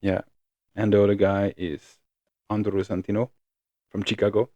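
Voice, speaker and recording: A man's voice: lowish voice, level tone, moderate pace, darkish tone, no room sound, highs cut off. Podcast co-host, man from Belgium, blunt and argumentative, dry close sound. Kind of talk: casual chat.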